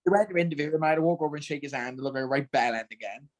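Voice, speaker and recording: A young man in casual podcast chat, telling quick slangy stories with laughs and swearing over a call. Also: a little high. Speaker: guest fighter.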